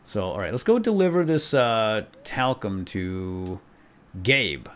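A man commenting on a prison video game as he plays, excitable and jokey, reading game text aloud. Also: on the low side, takes it slowly. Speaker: let's play host. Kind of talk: gameplay commentary.

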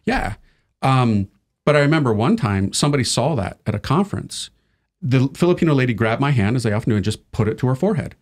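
Male priest guest, mid-pitch voice, easygoing self-deprecating storyteller. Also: big pitch swings, quick pace, darkish tone. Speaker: Catholic priest. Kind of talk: casual conversation.

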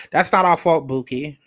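A man's voice: a little high, fairly bright tone, no room sound, clean studio sound. A man hosting a commentary channel, talking bluntly and straight to his viewers. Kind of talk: casual commentary.

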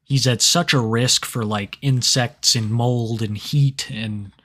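A man in a mid-range voice co-hosting a stream. He talks in a relaxed, unhurried way and mostly chimes in with short agreeing replies. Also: medium pitch. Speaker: co-host of a parody stream show. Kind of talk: casual stream banter.

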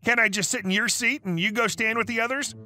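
Male tts voice doing entitled middle-aged woman, flat reading, high bright tone, faint music. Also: fast talker, heavily acted.

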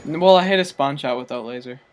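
A man giving excitable live commentary over his own game, his voice sick and cracking, swearing and shouting on big plays. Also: mid-range voice, fast, crowd noise. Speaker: gaming commentator.

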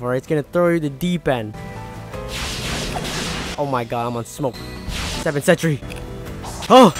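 A man playing a hard video game, narrating with exasperated frustration, muttering and then shouting. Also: a little high. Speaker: gaming YouTuber. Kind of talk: let's play commentary.

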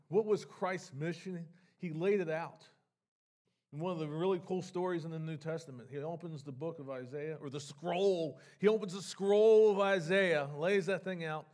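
A man's voice: on the high side, moderate pace, darkish tone. A man preaching a sermon as pastor. He talks in a conversational way and often repeats words and restarts his sentences. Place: church sanctuary.

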